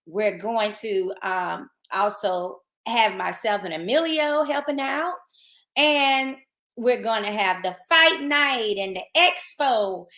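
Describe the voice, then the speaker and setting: Woman podcast host, upbeat and chatty, highish bright voice, echoey room. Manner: chatty, upbeat, loose restarts. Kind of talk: casual podcast chat and event promo. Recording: roomy echoey sound.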